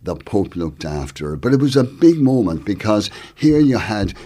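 Very deep male voice, lively anecdote teller, acts out quotes. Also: normal speed. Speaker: guest. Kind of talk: conversational interview.

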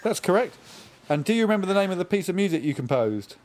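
A man's voice: high voice, very animated, fast talker, darkish tone, slight background noise. A man hosting a casual chat, asking questions in a dry, teasing way, recorded from his own home. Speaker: host.

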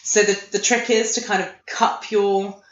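A woman's voice: mid-range voice, flat delivery, unhurried. A woman chatting casually as a podcast co-host, laughing often and restarting her sentences. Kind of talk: casual chat. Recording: echoey room, slightly dull sound.

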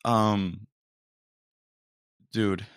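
A man's voice: on the low side, little pitch movement, very slow, clean tone, no echo, studio quality. A man hosting a podcast in casual, rambling chat, trailing off and restarting with slang. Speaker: podcast host.

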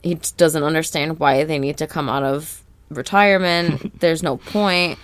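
Woman podcast host rambling through an episode recap, low voice, dry close sound. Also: fairly even intonation, normal speed, no echo. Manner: chatty, rambling with fillers. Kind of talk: casual episode recap chat.

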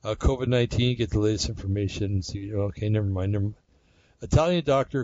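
A man's voice: fairly low pitch, fast, darkish tone, dry recording, muffled recording. A man hosting a casual solo talk show, rambling conversationally with many fillers and restarts. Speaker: podcast host.

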